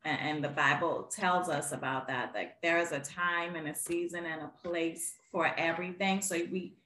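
A woman with a bright, forceful voice talks earnestly about faith on a casual podcast. She is animated and laughs now and then, and her voice sits a little low and echoes in the room. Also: normal speed, a little hiss or hum. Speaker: podcast co-host.

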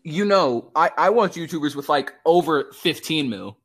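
Man, husky, animated pitch, profane, joking, casual chat while gaming. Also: moderate pace. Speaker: co-host.

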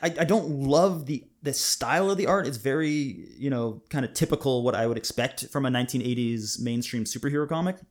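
An enthusiastic man co-hosts a podcast in a loose, chatty way. He speaks at an everyday middle pitch and laughs easily between his thoughts. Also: fairly quick, few pauses. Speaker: podcast co-host. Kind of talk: casual chat.

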